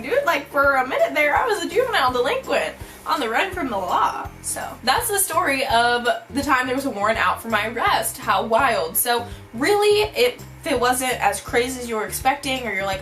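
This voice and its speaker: A young woman telling a storytime vlog, bubbly and animated, saying "like" constantly. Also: fairly high pitch, normal speed, faint music behind, poor audio. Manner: bubbly, animated, heavy use of "like". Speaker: vlogger.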